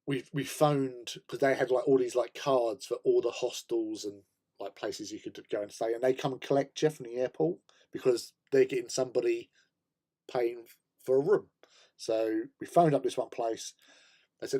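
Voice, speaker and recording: A man's voice: medium pitch, normal speed, mellow. An English man hosting a casual hobby stream, rambling through a travel story with many fillers and laughs. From England. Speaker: host.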